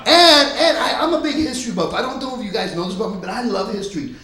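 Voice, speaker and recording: A male stand-up comedian telling stories in a loud, punchy way on a club stage. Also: very high-pitched, quick pace, few pauses, a crowd in the background. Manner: loud, punchy storytelling, often laughing. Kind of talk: stand-up set. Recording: echoey club room.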